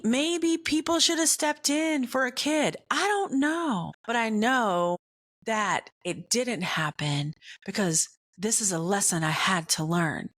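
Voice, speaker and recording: A woman hosts a podcast, telling a frank personal story in an animated, confiding way. She swears casually and keeps checking in with her listeners. Her voice sits at a medium pitch. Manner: animated, confiding, frequent "right?" check-ins. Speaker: podcast host. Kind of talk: candid storytelling monologue.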